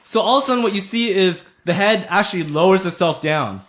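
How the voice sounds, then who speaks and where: A man's voice: high-pitched, lively intonation, a little fast, a bit bright. A man running a tabletop game as game master, narrating in a casual, loose way with fillers.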